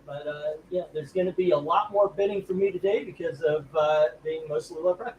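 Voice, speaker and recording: A man's voice: fairly high pitch, brisk, muffled recording, noisy background. A man hosting a live comic book auction stream, chatting casually and rambling with jokes, feeling sick from food poisoning. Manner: rambling, jokey, laughs easily.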